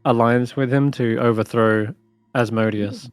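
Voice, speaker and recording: A man's voice: mid-range voice, steady tone, a little slow, clean tone, dry recording, faint music behind. A man narrating as game master in a tabletop game, describing scenes in a hesitant way with many fillers.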